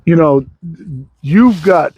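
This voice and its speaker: A man's voice: a little high, animated, slow, a little mellow, slightly rough, dry recording, low-quality recording. A sawmill owner talking casually and bluntly, rambling and swearing freely while he shows off his wood. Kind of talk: casual vlog talk. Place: outdoor log yard.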